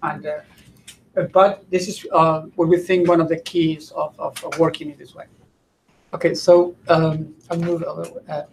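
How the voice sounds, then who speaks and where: A man giving a conference presentation, often pausing to search for his words. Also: fairly high pitch, level tone, creaky, slight background noise, low-quality recording. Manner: halting, searching for words mid-sentence.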